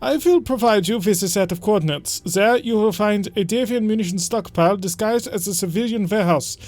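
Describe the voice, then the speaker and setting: A man's voice: high-pitched, a little fast, a little mellow, natural voice. A man voicing a scheming, smug aristocratic count in a put-on German accent, haughty and theatrical. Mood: scheming, gloating.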